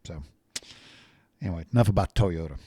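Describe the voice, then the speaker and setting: A man's voice: deep voice, lively intonation, brisk, warm tone, husky. Folksy middle-aged man, rambling. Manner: folksy, blunt, salty language. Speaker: podcast host. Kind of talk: rambling storytelling monologue.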